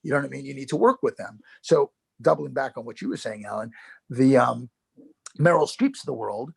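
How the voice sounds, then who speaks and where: A middle-aged actor with a New York accent, telling stories in a casual interview, animated, with frequent swearing and restarts. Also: male voice, medium pitch, brisk, gravelly, slightly rough, no room sound. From Yonkers, New York. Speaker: actor guest.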